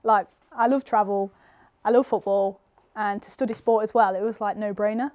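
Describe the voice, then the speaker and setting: A woman's voice: medium pitch, steady tone, moderate pace, darkish tone. A young woman with an English accent, chatting casually as an interview guest, full of "like" and "you know". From England. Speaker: guest footballer.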